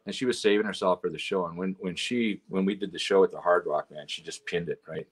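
A man's voice: sits low, quick pace. A man, a guest telling rambling road stories full of "you know" and "right?". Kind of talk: casual chat.

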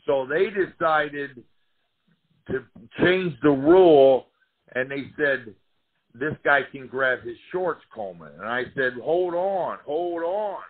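A man tells loud, profane stories from his fighting days, and his voice keeps rising and dropping as he gets caught up in them. His pitch sits in an ordinary middle range. The audio comes through thin and narrow, like a phone line. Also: slow, vocal fry, husky. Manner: profane, animated storyteller. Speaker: former fighter telling career stories. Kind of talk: casual storytelling interview.

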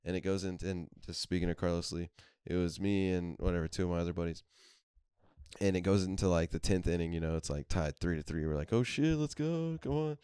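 A young man tells loud, profane stories between bursts of laughter. His voice sits low and comes through clean and smooth. The recording is close and dry. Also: quick pace, dry recording. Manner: profane, animated storytelling, laughs often. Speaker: podcast host. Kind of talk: casual chat.

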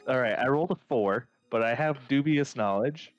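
A man's voice: mid-range voice, normal speed, no room sound, dull audio, soft background music. A man playing in a tabletop game, talking casually and joking with the table. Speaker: player.

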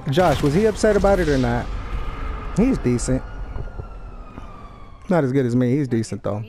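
A man's voice: mid-range voice, expressive, normal speed, dark tone, slight background noise. A young man trash-talking other players in an online game over a headset mic, taunting, profane and boastful. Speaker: gamer streaming online play.

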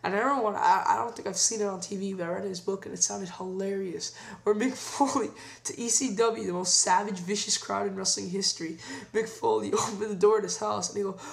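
Brief: young male vlogger, gravelly, opinionated rant on the latest episode. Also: high-pitched, fairly even intonation, fairly quick. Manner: opinionated, ranting. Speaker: wrestling show reviewer. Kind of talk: casual vlog review.

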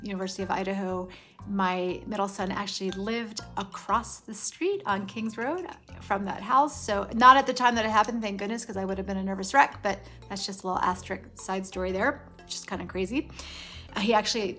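A woman's voice: mid-range voice, fairly bright tone. A middle-aged woman vlogger telling a long personal story in a chatty, rambling way, full of restarts and side remarks. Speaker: nail polish vlogger. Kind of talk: casual storytelling.

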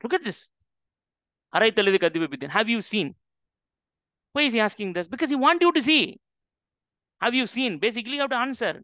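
A man's voice: extremely high pitch, animated, brisk, pauses often, pushed and bright, dry recording. A man teaching on the Quran, emphatic and full of rhetorical questions to his audience. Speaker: Islamic teacher. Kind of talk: lecture on the Quran. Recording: dull lo-fi dry recording.

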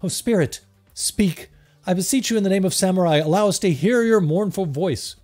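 A man's voice: high-pitched, moderate pace, darkish tone, soft background music, voice pushed up. A man voicing a theatrical fake-mystic woman medium with grandiose, wailing incantations.

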